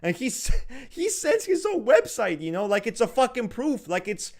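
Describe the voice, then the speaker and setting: A married man co-hosting a podcast, talking loudly and swearing a lot as he rants in casual chat. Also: extremely high pitch, normal speed. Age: adult, married. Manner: loud, swears a lot, animated ranting. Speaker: podcast co-host.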